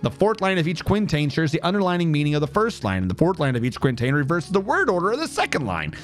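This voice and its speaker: A man's voice: a little high, very animated, quick pace, faint music behind. A man streaming a strategy game, chatting casually and reading in-game text aloud with wry, sarcastic asides. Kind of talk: casual gameplay commentary.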